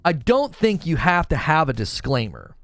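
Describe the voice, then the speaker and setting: A man's voice: on the high side, huge pitch swings, moderate pace, fairly bright tone, no room sound, soft background music. A man hosting a gaming commentary show, talking casually with his live chat and arguing his point animatedly, often restarting his sentences. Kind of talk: casual livestream talk, answering chat.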